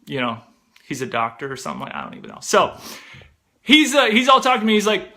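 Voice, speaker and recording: High, bright-voiced man telling a funny story. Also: quick pace, creaky. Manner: animated, chatty, peppered with "like" and "bro". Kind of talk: casual comic storytelling.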